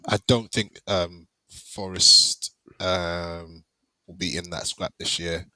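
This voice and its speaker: A man's voice: low voice, steady tone, takes it slowly, sharp tone, no room sound, poor audio. A man in casual football banter, laughing often and teasing his friends. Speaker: podcast panelist.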